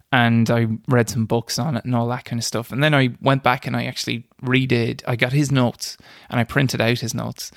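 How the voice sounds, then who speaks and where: Man, young adult, gravelly voice, dry close sound, laughs at himself, casual interview. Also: medium pitch, dry recording. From Ireland. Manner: self-deprecating, laughs while telling stories, frequent restarts. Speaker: screenwriter guest.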